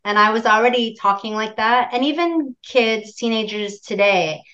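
A woman's voice: fairly high pitch, moderate pace, a bit bright, highs cut off. A woman from Canada in her forties, chatting as an interview guest and laughing often. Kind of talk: casual interview chat.

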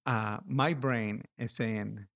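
A middle-aged man talking in a casual interview, hesitant and halting, full of fillers, with a self-deprecating humor. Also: lowish voice, steady tone, creaky, a bit bright. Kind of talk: casual conversation.

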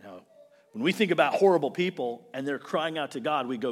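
A man preaching a sermon as pastor, swinging from loud emphasis to hushed asides and acting out imagined prayers. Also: a little high, animated, fairly quick. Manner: acts out imagined prayers and quotes in character.

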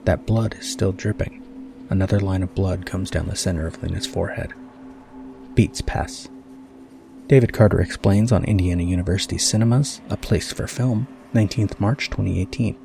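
A man giving a measured, deliberate shot-by-shot scene description as a podcast host in scripted narration. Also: deep voice, gravelly, dark tone. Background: music underneath.

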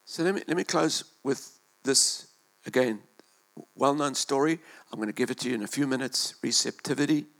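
A male pastor preaching a sermon in a church, impassioned, swinging between loud and hushed delivery and repeating words as he goes. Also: mid-range voice, moderate pace.

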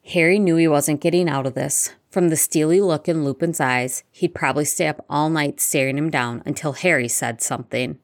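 A woman narrating a fan-fiction story aloud in an even, steady storytelling manner. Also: sits low, normal speed, hardly any pauses. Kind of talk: reading fanfiction aloud.

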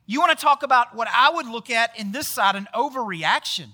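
Expressive and fairly quick, a pastor's very high, pushed, bright voice carries a casual sermon. He's conversational, frequently quizzing listeners and closing lines with "right?"

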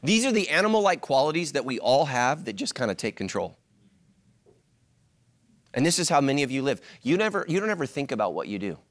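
A middle-aged male pastor preaching a sermon, swinging from loud, high-pitched joking to a hushed, earnest tone. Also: fairly quick. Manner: animated, jokes in a loud, high voice, then drops to a hushed, earnest tone.

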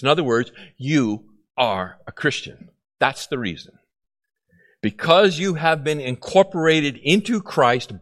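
A pastor delivers a sermon with an animated, sing-song delivery, his pitch rising and falling widely. He explains passages steadily and slips briefly into playful exchanges between children and parents. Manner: animated preaching, mimics voices of children and parents.

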